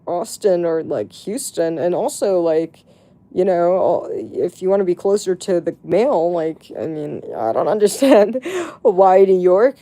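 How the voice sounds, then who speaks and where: A woman's voice: fairly low pitch, dark tone. A woman livestreamer chatting to her viewers, telling a story in a casual way with lots of "like" and swearing. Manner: chatty, heavy on "like" and profanity.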